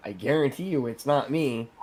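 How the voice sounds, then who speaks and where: A man's voice: mid-range voice, normal speed, crowd noise. A man co-hosting a casual podcast who rambles and swears casually as he jokes. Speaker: podcast co-host.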